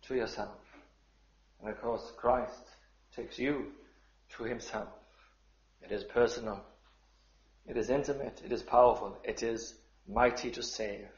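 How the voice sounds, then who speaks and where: A man preaching a sermon, measured and deliberate, sometimes rising into fervent appeals. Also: medium pitch, echoey room, muffled recording.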